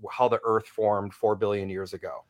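A man's voice: lowish voice, little pitch movement, normal speed. A man guesting on a radio talk show, chatting casually about theater in a rambling, self-deprecating way. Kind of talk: casual radio interview chat.

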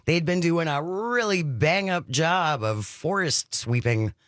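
A man's voice: on the high side, animated, slow, fairly bright tone, no room sound. A man co-hosting a political talk show, making dry, sarcastic remarks and reading news items. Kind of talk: opinionated political chat.

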